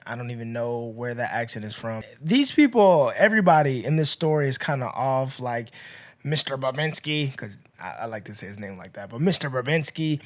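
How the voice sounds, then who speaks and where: Podcast guy chatting thru a movie plot, lots of you know and like, gets loud then quiet. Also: medium pitch. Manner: chatty, filler-heavy storytelling with swings in loudness. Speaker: podcast host. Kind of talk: casual movie recap.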